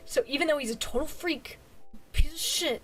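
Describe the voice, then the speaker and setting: A woman's voice: high-pitched, moderate pace. A tired woman streamer recapping a manga in casual chat, gushing, laughing often and swearing freely. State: tired, yawning. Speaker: virtual streamer reviewing manga.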